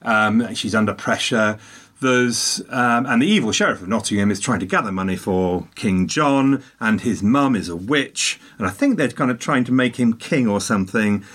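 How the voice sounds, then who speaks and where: A man chatting casually, telling a long story with animated asides and tangents. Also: lowish voice, normal speed. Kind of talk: casual chat.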